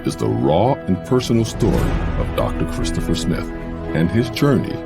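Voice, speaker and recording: A man's voice: sits low, very animated, moderate pace, creaky. A man giving a solemn, scripted narration for a book trailer, with music behind him.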